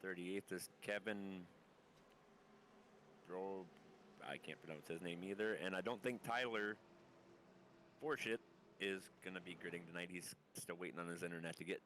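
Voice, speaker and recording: A man's voice: low voice, moderate pace, long pauses, a bit bright, a little hiss or hum. A man calling a sim race live, sounding under the weather and muffled, stumbling over hard names. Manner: reads a long lineup, stumbling on names. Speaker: race commentator. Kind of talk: live sim racing commentary.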